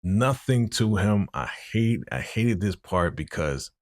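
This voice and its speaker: A man's voice: lowish voice, expressive, takes it slowly, no room sound, studio quality. A man giving a casual recap of a TV episode, retelling scenes through quoted dialogue and speaking out plainly about what he dislikes. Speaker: TV recap vlogger.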